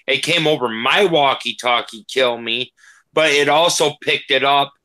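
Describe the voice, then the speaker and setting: A man's voice: a little high, normal speed, sharp tone. A man, a paranormal investigator, telling ghost stories in a matter-of-fact way during a casual livestream chat.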